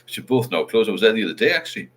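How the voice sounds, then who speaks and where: A man's voice: on the low side, sing-song, rapid-fire, fairly bright tone. A middle-aged man, hosting a casual livestream chat and rambling while he reads out viewer comments. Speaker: livestream host.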